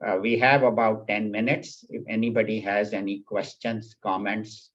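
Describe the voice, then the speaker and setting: Husky man teaching a scripture class. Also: fairly low pitch, flat delivery, moderate pace, highs cut off. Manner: patient, repeats key points to clarify. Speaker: spiritual teacher. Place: class at a spiritual center, also on video call.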